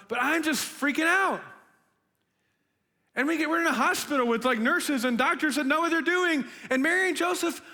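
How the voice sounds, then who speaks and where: A young man giving a casual, chatty sermon to students, full of "like" and "right?", as a youth pastor. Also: extremely high pitch. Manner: chatty and animated, lots of "like" and "right?". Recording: long hall reverb.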